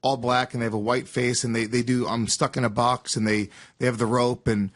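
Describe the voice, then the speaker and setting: A man's voice: medium pitch, flat delivery, brisk, a bit bright. An American man co-hosting a podcast, a comedian who talks brashly, argues and swears freely. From United States. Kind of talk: casual podcast chat.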